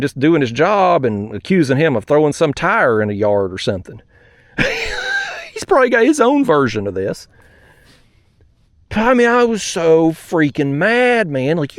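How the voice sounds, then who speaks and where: A man hosts a fishing vlog from his kayak, ranting through a story with plenty of cussing. His voice sits fairly high and swings widely in pitch, and the sound is dry and close. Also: no room sound. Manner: fired-up, profane, ranting. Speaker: fishing channel host.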